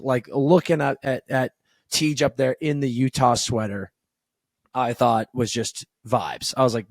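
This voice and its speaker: A man co-hosting a casual hockey podcast, telling stories excitedly. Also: medium pitch, no echo. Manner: excitable storyteller, swears casually. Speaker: podcast co-host.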